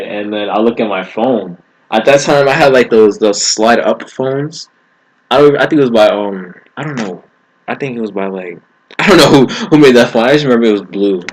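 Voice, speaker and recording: Young guy, lowish voice, slangy storyteller who keeps laughing. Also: poor audio. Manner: slangy, laughs often while telling. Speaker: vlogger. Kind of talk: casual storytelling.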